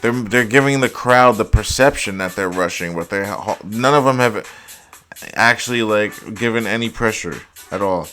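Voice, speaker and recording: A young man hosting a casual football highlights reaction, exasperated and profane, saying "like" constantly. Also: normal speed, sharp tone, soft background music. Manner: exasperated, profane, heavy use of "like". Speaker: host.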